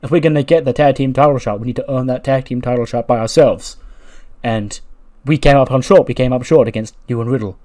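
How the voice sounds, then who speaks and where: A man's voice: medium pitch, brisk, mellow, close to an everyday voice. A man voicing a hot-headed young male wrestler who talks in brash street slang. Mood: worked up.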